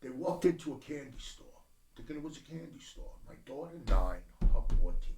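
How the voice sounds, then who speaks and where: A middle-aged man telling his life story bluntly as a podcast guest, profane and swinging from low mutters to loud bursts. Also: big pitch swings, a little fast. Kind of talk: candid personal storytelling. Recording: roomy echo.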